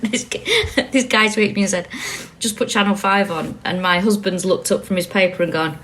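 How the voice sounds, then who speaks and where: A woman with a broad Manchester accent talks in loose, easy chat as a podcast co-host. She is blunt and swears freely, and she often breaks into laughter. Her pitch sits in the middle of the range for a woman. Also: unhurried, pauses often, a bit bright, slight background noise. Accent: Mancunian. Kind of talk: casual chat.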